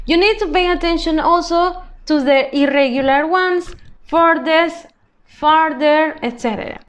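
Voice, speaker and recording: Woman, English teacher; high voice, unhurried, models words slowly for children. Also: fairly bright tone. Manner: slow and patient, drawing out example words. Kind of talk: recorded grammar lesson for children.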